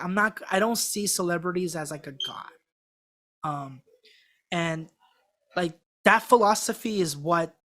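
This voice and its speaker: Rather low for a woman, this guest rambles through her account in a loose, chatty flow, stacking fillers and false starts. She sometimes acts out the people in her story with mock excitement. The whole thing sounds like a relaxed podcast chat. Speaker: singing contestant guest on a podcast. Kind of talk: casual storytelling interview.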